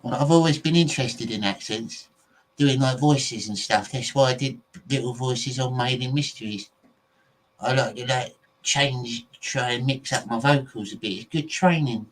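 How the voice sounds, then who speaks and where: A man with an English accent talks straight to his viewers in loose, casual chat. He rambles from one tangent to the next and fills the gaps with likes and ums. His voice sits at an ordinary middle pitch. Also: moderate pace, a little hiss or hum, poor audio. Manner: rambling, goes off on tangents, many fillers. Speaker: podcast host.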